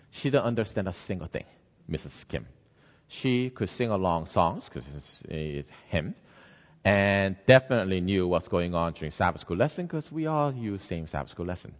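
Animated male preacher telling a story. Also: sits low. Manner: lively storytelling, acts out the characters. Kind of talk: storytelling sermon. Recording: dull sound, long hall reverb.

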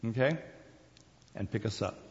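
An older man teaches scripture in a relaxed, folksy way, chuckling and circling back on his words. His voice carries a long reverb, as if from a large hall, and the sound is somewhat dull. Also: on the low side, normal speed. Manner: folksy and chatty, with chuckles and restarts. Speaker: Bible teacher. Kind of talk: conversational Bible teaching.

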